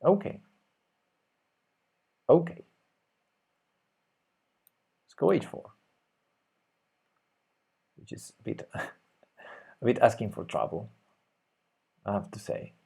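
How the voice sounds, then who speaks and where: A man streaming live chess, thinking aloud about his moves and jumping up in pitch when something surprises him. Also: very animated, slow, gravelly, pauses often, warm tone, breathy edge.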